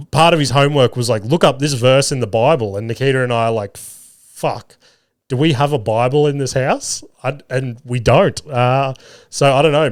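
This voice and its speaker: A man's voice: mid-range voice, smooth, no room sound, studio quality. A man in his thirties hosting a solo podcast, telling rambling family stories with lots of swearing and laughs. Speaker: podcast host. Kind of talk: casual solo podcast storytelling.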